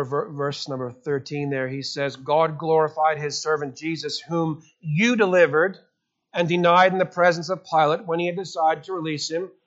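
Emphatic high-voiced male preacher. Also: a bit bright, highs cut off. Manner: emphatic, rhetorical questions. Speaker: pastor. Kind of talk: sermon.

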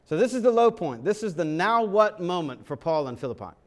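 A man's voice: high voice, big pitch swings, fairly quick. A man preaching a sermon, dramatic and full of rhetorical questions, sometimes acting out other voices. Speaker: pastor.

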